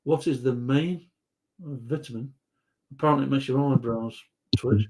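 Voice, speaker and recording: A man's voice: medium pitch, normal speed, darkish tone. A man hosting a live quiz chat, reading out viewers' answers in a rambling, jokey way and stumbling over words.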